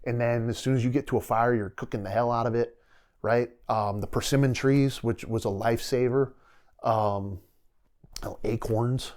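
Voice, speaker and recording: A man's voice: mid-range voice, steady tone, moderate pace, a little mellow. A middle-aged man, a podcast guest and retired soldier, telling stories in a rambling, vivid way and often quoting his own thoughts aloud. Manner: rambling, vivid retelling with quoted inner dialogue. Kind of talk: casual storytelling interview.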